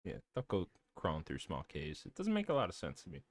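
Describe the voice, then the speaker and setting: A man with a low-sitting voice talks briskly as a podcast co-host, chatting casually and telling stories. Animated and profane, he laughs a great deal.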